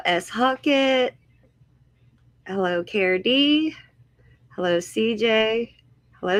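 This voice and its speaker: A woman's voice: medium pitch, no room sound. A woman hosting a casual livestream, greeting viewers one by one and sounding a little unsure of herself. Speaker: livestream host.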